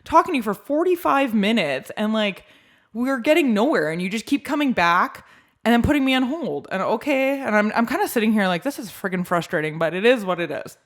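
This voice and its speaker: A woman co-hosting a podcast, telling a story in casual chat, animated and swearing as she acts out her own yelling. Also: on the high side, fairly quick. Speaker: podcast co-host.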